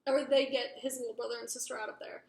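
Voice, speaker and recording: A woman's voice: fairly high pitch, little pitch movement, quick pace, vocal fry, darkish tone. A young woman casually recapping a book plot, rambling with lots of fillers and swearing. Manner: rambling, filler-heavy, profane. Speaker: book reviewer. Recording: roomy echo.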